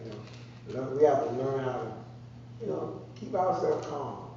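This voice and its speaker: A man's voice: mid-range voice, expressive, unhurried, far from the mic, background noise. A man preaching a conversational sermon, repeating phrases and drawing responses from the congregation. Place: church sanctuary. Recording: echoey muffled church sound from afar.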